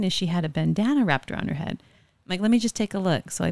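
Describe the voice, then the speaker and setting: A woman's voice: medium pitch, lively intonation, fast talker, no room sound. A woman from California telling stories in a casual interview, chatty and quoting others as she goes. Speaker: guest, forensic investigator.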